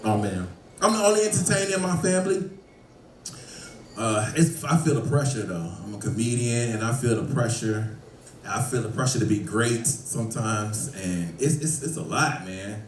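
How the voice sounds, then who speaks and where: A man performing a lively stand-up set in a bar, laughing and shouting through his punchlines. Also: lowish voice, normal speed, slight background noise. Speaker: stand-up comedian. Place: bar comedy show. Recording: roomy, from a distance.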